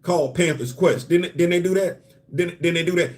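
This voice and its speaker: His voice sits high and his pace is a little fast as this animated man riffs on comics. He hosts a comics and culture live show, and in his casual solo commentary he stays conversational, asks rhetorical questions, and repeats words to drive a point home.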